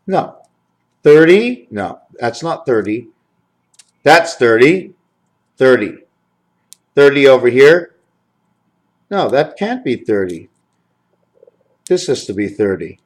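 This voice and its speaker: A man talking to his camera in a rambling home video, counting numbers aloud, correcting himself and getting excited over what he finds. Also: mid-range voice, takes it slowly, pauses often. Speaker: video maker.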